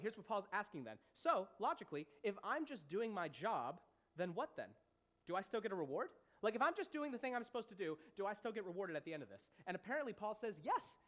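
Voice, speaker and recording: A young man teaching a Bible passage as a young adults pastor, conversational and animated, often repeating himself and checking if listeners follow. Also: high voice. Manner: animated, repeats phrases, asks "does that make sense".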